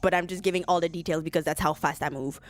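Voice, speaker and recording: A woman's voice: fairly low pitch, fairly even intonation, fast, no room sound, soft background music. A woman hosting a podcast, telling a story in a rambling, profane, casual way. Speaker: podcast host. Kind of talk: casual chat.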